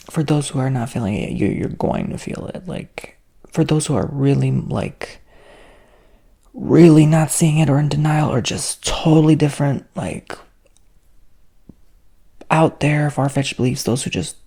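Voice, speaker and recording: This flamboyant ASMR host and spiritual reader whispers a sassy talk peppered with casual swearing, pausing often at an unhurried pace. His heavily gravelly, husky, breathy voice moves from soft whispers to low, airy speech.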